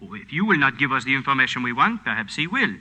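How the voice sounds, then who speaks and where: Coldly polite officer, radio play, smooth menace, bright tone. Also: male voice, mid-range voice, big pitch swings, fast, long reverb tail, exaggerated voice. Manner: silky, coldly polite, threatening. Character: menacing suave police captain, middle-aged man. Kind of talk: 1940s radio acting.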